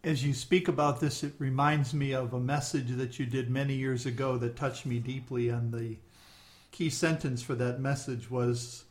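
A male podcast host speaks in a plain, mid-pitched voice. He listens attentively, offering short affirmations before asking measured questions. His sign-off is steady and unhurried. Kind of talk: podcast interview.

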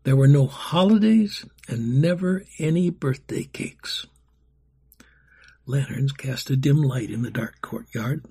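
A man narrates a storybook with a gravelly, very husky voice of middling pitch. He reads dramatically and often drops to a breathy whisper. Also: slow pace, dark tone. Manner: dramatic reading, dropping to a whisper.

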